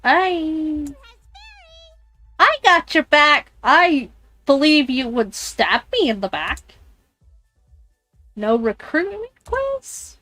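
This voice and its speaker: High-voiced woman streaming a game. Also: very animated, extremely slow, long pauses, bright, forceful tone, no room sound, faint music behind. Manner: reads game text aloud, jumpy scared reactions. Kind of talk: live-streamed game playthrough. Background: headphones on, alone in a room.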